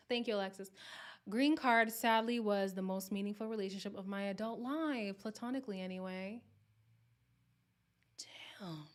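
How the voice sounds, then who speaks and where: Animated woman hosting a live chat. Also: medium pitch. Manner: animated, exclaiming and reacting to comments. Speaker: host of a live recap stream. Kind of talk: casual live chat answering viewers.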